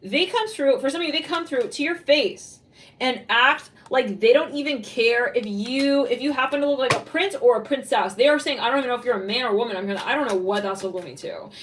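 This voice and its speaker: A woman's voice: sits high, a little fast, fairly bright tone, distant mic, a little hiss or hum, low-quality recording. A woman giving a psychic tarot reading, blunt and rambling, swearing freely and voicing what she is picking up. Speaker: tarot reader.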